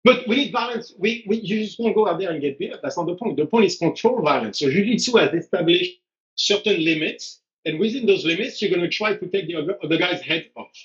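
Fast and high-pitched, with a bit of brightness and lively intonation, a strength coach holds a casual conversation on a live stream. He's blunt and animated, acting out quotes along the way, all captured in dull lo-fi audio.

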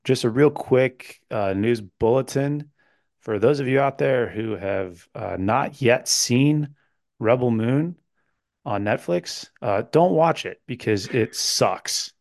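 A man's voice: mid-range voice, animated, slow pace, vocal fry, a little mellow, no echo, studio quality. A man hosting a podcast, chatting casually in a joking, rambling way and playfully quizzing his co-host. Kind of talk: casual chat.

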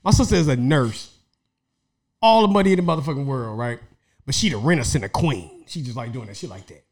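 A man telling a story in casual chat, animated and laughing often as he acts out the people in it. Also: medium pitch, brisk.

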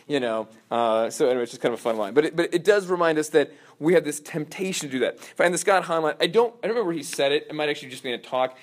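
A man's voice: fairly high pitch, fast, a little mellow. A man teaching a parish class in a casual, rambling way, full of fillers and restarts.

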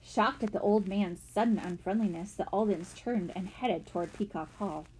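A woman narrating a children's mystery audiobook with expressive storytelling. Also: medium pitch, moderate pace, a little hiss or hum.

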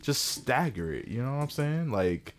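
A man's voice: medium pitch, sing-song, moderate pace. A young man co-hosting a podcast, talking in a laid-back, easygoing way full of slang. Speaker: podcast co-host. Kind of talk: casual chat.

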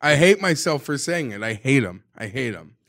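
A man co-hosting a sports podcast, ranting in a profane, heated way that swings into shouting. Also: mid-range voice, sing-song, moderate pace, no echo, studio quality. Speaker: podcast co-host. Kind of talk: casual sports podcast chat.

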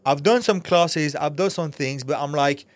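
A man's voice: on the high side, normal speed. A middle-aged man from France with a French accent, talking candidly and bluntly as a podcast guest, swearing freely. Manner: blunt, profane, animated storytelling. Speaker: guest, actor and fighter. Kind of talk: candid podcast interview talk.

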